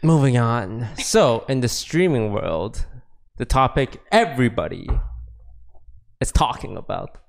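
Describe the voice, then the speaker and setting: A man's voice: medium pitch, lively intonation, measured pace, vocal fry. A man co-hosting a casual chat, recapping news in a dry way. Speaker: co-host.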